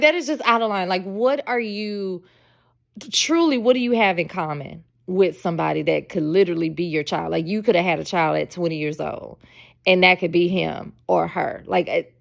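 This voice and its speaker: In a lowish, creaky voice, a woman in her forties hosts a podcast, chatting through a relaxed storytelling monologue. She's emphatic and laughs a lot.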